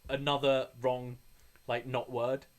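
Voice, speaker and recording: A man co-hosting a wrestling podcast, talking it over in casual chat with a relaxed, joking manner. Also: mid-range voice, takes it slowly. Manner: relaxed, joking back-and-forth.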